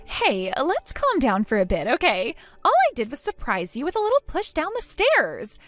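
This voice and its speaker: A woman's voice: high-pitched, wildly swooping pitch, normal speed, fairly bright tone, faint music behind, exaggerated voice. A woman voicing a spiteful, mocking young woman in a text-message story, taunting and sarcastic.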